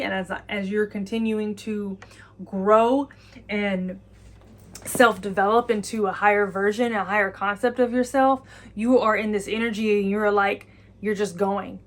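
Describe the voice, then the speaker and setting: A woman speaking an intuitive channeling message to her viewers. She talks earnestly and encouragingly at a middle pitch, circling back to the same phrases again and again. She often slips into the listener's own imagined voice. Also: steady tone, a little slow.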